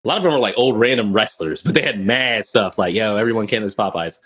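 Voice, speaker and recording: A young man from Minnesota with a lowish, breathy voice talks quickly as a podcast guest on a video call. He's animated and laughing as he tells casual stories, acting out the voices of the people in them.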